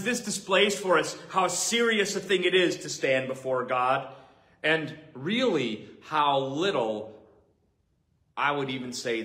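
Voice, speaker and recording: A man's voice: mid-range voice, sharp tone. A man preaching an earnest, emphatic sermon as a pastor, repeating key points. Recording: roomy echoing hall.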